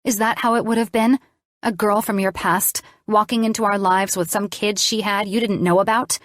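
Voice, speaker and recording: A woman reading the lines of a jealous young woman who accuses her lover, sharp and cold. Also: mid-range voice, fairly even intonation, normal speed, dry recording, clean studio sound, lightly acted. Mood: accusing.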